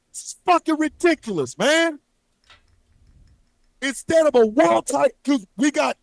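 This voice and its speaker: A man hosting a show, delivering an angry, profanity-filled rant that breaks into shouts at times. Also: very high-pitched, gravelly, no echo. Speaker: show host.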